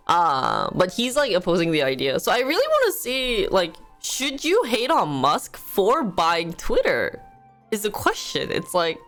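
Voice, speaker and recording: A woman's voice: on the low side, fairly bright tone. A woman hosting a casual livestream, rambling and giggly, with lots of "like" in her talk. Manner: rambling, giggly, heavy use of "like". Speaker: livestream host.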